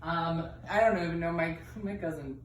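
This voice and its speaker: A woman in her thirties with a lowish voice does a live stand-up set at normal speed, chatty and self-deprecating, full of fillers and asides. A roomy venue mic picks her up from a distance along with a laughing crowd, and there's slight background noise.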